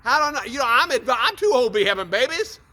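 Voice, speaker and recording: A man's voice: extremely high pitch, big pitch swings, quick pace, pushed and bright, voice pushed up, exaggerated voice. A man playing a doubtful old priest. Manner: questioning, hesitant. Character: doubtful aged male priest.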